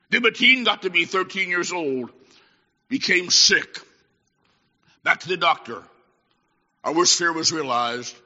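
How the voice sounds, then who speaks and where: A man preaching a sermon, swinging from shouted exhortation to hushed storytelling as a traveling preacher. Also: sits high, lively intonation, a little slow, long pauses. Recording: echoey hall, dull lo-fi sound.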